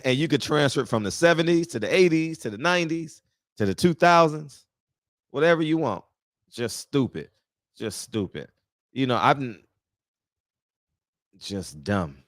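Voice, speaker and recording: A podcast host runs a casual talk show, speaking bluntly and with plenty of profanity, often laughing at his own jokes. His medium-pitched voice comes through in clean studio sound with no room echo.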